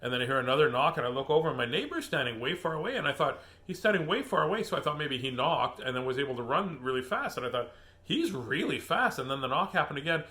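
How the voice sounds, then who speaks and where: Bright-voiced chatty man laughing often. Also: mid-range voice, rapid-fire, few pauses. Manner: laughing, chatty, easily sidetracked. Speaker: host reading children's books aloud. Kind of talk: casual rambling chat.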